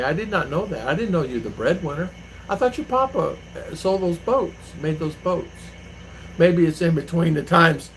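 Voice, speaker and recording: His voice is a little high and a bit bright, heard through a rough recording with a little hiss or hum. At home in the Philippines, he hosts his channel, talking casually to viewers and wandering through anecdotes full of fillers.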